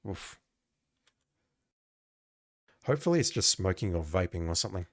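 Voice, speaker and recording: A man's voice: deep voice, lively intonation, normal speed, long pauses, a bit bright, dry recording, studio quality. A man giving sarcastic, exasperated commentary while playing an old adventure game. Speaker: gamer playing a retro game. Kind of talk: let's play commentary.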